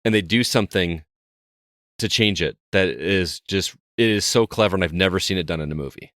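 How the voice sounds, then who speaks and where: A man co-hosts a casual podcast, wandering through an anecdote and restarting his sentences as he goes. His voice sits very low, and the recording is dry with no room sound. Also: fairly quick, fairly bright tone, dry recording. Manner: rambling, storytelling, frequent restarts. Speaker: podcast co-host. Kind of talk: casual chat.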